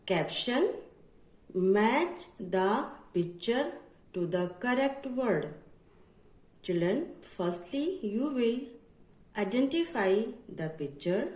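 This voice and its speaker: A woman teaching a phonics lesson to children, slowly spelling words letter by letter and repeating each step as a drill. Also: medium pitch, warm tone, roomy sound, low-quality recording. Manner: repetitive, instructive drill.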